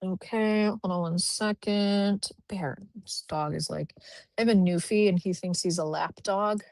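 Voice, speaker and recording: Her voice mid-range, unhurried, and darkish, a woman who works as a recruiter runs a live stream from her home office with a dog close by. She chats casually and cheerfully, thinking aloud as she clicks through and reviews profiles. There is no room sound.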